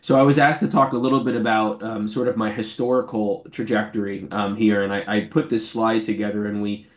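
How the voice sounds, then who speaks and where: A man in his forties giving an academic talk over a video call from his office, earnest and friendly, with a voice that is going hoarse. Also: lowish voice, level tone, fairly quick. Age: 40s. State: losing his voice. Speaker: invited lecturer. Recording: roomy echo.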